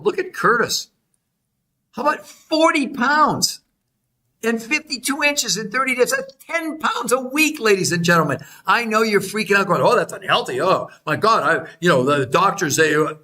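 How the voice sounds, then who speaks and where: A man with a high, bright, forceful voice presents research to his viewers. He talks in an insistent, repetitive, salesman-like way and keeps speaking straight to the audience. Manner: greets live chat viewers by name. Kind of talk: emphatic sales-style presentation.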